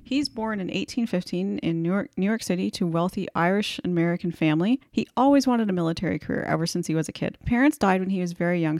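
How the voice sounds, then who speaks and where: A woman with a gravelly, fry-edged voice co-hosts a casual history podcast. She tells her stories with little jokes and self-deprecating asides. The sound is close and dry. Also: lowish voice, darkish tone, no echo. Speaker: podcast co-host.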